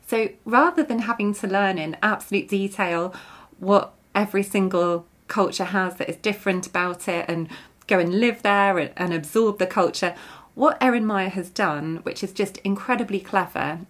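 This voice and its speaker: A woman hosting her own podcast, chatty and easygoing as she recommends a book to listeners. Her voice sits at a middle pitch. She sounds like she is in her thirties. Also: fairly bright tone. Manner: chatty, breaks into giggles while reading aloud. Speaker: podcast host. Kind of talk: book review monologue.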